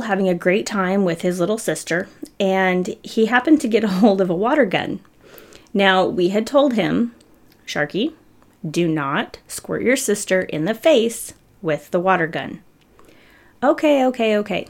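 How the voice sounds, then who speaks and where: A middle-aged woman giving a sermon, telling a family story in a conversational, humorous way. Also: mid-range voice. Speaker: preacher.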